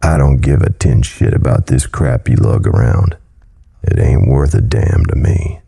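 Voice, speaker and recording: A man voicing a menacing monstrous creature in a raspy, gurgling voice with a slow Texas drawl. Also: rumbling low, warm tone, heavily acted.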